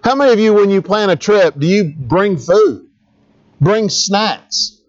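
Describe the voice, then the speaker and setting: A man's voice: high-pitched, lively intonation, measured pace, lo-fi sound. A middle-aged man, a pastor, preaching a conversational sermon, asking the congregation questions and adding humorous asides.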